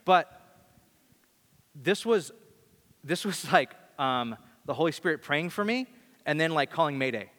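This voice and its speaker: A man preaching in a storytelling sermon, with a somewhat high, forceful voice. He talks in an animated, chatty way and often restarts his sentences. His voice rings out with a long reverb, as in a large church hall. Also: measured pace, pauses often. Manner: animated, conversational, many restarts. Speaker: pastor.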